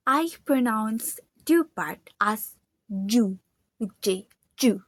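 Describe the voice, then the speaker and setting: A woman's voice: fairly high pitch, slow, no room sound. A young woman student with an Indonesian accent, whose first language is Indonesian. She reads a pronunciation analysis aloud carefully, repeating words to demonstrate their sounds.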